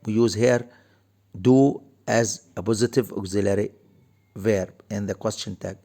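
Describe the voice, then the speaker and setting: A man teaching English grammar, explaining each point slowly and repeating key phrases. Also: fairly low pitch, steady tone, gravelly, warm tone. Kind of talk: recorded grammar lesson.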